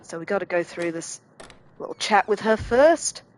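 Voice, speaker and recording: A woman's voice: medium pitch, lively intonation, normal speed, slight background noise, low-quality recording. A woman casually commenting while playing a horror game, chatty and self-deprecating, thinking aloud. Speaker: let's play host.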